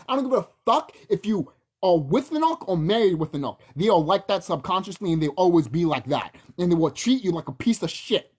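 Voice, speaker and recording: Give me a husky young vlogger, heated and profane, with a lively, swinging pitch. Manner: heated, swearing, mocking. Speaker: video blogger. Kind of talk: profane angry rant to camera.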